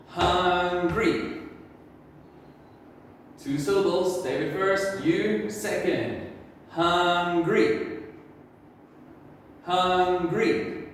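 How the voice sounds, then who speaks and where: A man teaching English words to children, slowly repeating each one with exaggerated pronunciation in a classroom. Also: fairly high pitch, a little hiss or hum. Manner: drawn-out, exaggerated word drills. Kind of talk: slow repeat-after-me pronunciation lesson for children. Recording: echoey room with long reverb.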